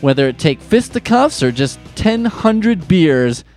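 Brash boozy TV sportscaster, over-the-top patter, a man doing the voice, raised pitch, punchy. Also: very animated, unhurried, a little mellow, faint music behind. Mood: hyped.

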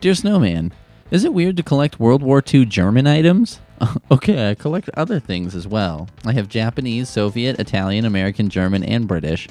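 A man's voice: medium pitch, sing-song, moderate pace, mellow, soft background music. A young man hosting a comedic advice show, answering letters with sarcastic, profane rants. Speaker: advice-column host.

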